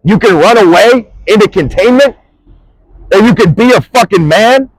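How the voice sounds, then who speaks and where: Man, high and wildly swinging voice, furious profane rant on a busy street, dry close sound. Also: lively intonation, normal speed, no echo, poor audio. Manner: furious, profane, threatening, swings between shouting and muttering. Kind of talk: angry direct-to-camera rant.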